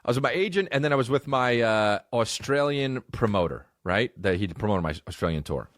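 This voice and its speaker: A comedian tells a story in a loose, foul-mouthed, animated style, performing the lines other people said. His medium-pitched voice moves fairly quickly, and the recording is clean studio audio with no room sound.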